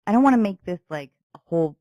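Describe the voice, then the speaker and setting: A woman's voice: medium pitch, expressive, fast talker, warm tone, no echo, highs cut off. A woman hosting a podcast, chatting casually and playfully with a guest, laughing often. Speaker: podcast host. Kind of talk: casual chat.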